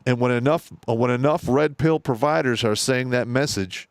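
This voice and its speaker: A man's voice: mid-range voice, moderate pace, few pauses, clean tone, no echo. A middle-aged man co-hosting a casual podcast, telling stories with lots of swearing. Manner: profane, animated storytelling. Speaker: co-host.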